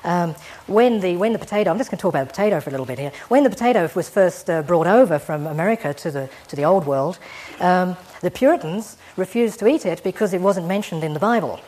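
A woman giving an evening public lecture to an audience, discursive and gently humorous in a wry way. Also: lowish voice, animated, quick pace. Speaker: guest lecturer.

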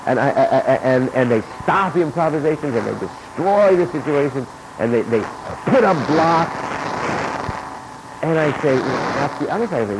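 A man teaching as an acting coach, talking in an informal lecture and acting out replies in sudden high bursts. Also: moderate pace. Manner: animated, acts out his own and students' replies in sudden high bursts. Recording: noisy recording with steady background noise.

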